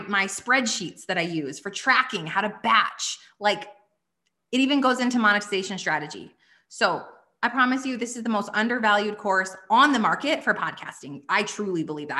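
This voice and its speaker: A woman in her thirties running a live online workshop, pitching her courses with energetic enthusiasm and frequent "okay?" asides. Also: normal speed. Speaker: online business coach.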